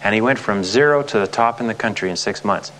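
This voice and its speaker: A man's voice: on the low side, fast, a bit bright, a little hiss or hum. A man leading a motivational sales seminar as a sales trainer, emphatic and repetitive, often asking the audience rhetorical questions.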